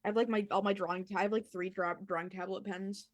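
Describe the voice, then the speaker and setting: A woman playing a tabletop role-playing game, describing her character's actions and tossing in quick, chatty asides. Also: medium pitch, fairly even intonation. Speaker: player. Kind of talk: casual tabletop game play.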